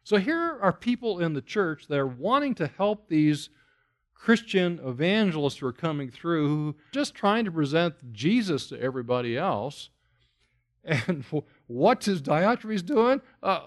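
A man's voice: fairly high pitch, big pitch swings, a little slow. A man preaching an expository sermon, emphatic, repeating phrases and asking rhetorical questions. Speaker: pastor.

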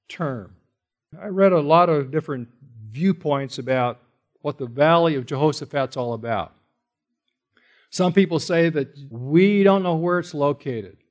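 A man preaching a sermon in a slightly higher-than-average voice. He delivers it with animated emphasis, climbing in intensity when he quotes God, then drops into casual asides and rhetorical questions to the congregation.

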